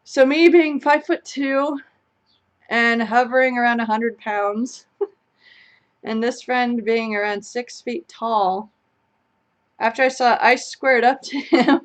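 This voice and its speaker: A young adult woman co-hosting a live chat stream, telling a story in a casual, animated way and laughing as she goes. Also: a little high, takes it slowly.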